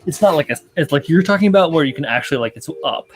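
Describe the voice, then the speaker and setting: A man's voice: a little high, animated, racing. A young man hosting a model-building livestream in loose, rambling chat, full of fillers and casual swearing. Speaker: livestream host.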